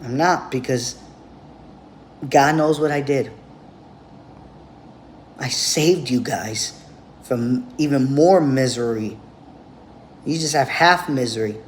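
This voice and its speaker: A man's voice: mid-range voice, slow, long pauses, slight background noise. A man giving a blunt, profane, rambling monologue straight to camera as a vlogger.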